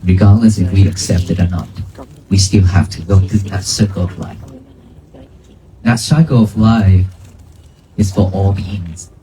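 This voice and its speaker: A man's voice: deep voice, mellow, a little hiss or hum, poor audio. A man, a Buddhist monk, giving a plain-spoken dharma talk to a crowd outdoors in a cemetery, in English. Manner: slow, plain-spoken, non-native phrasing.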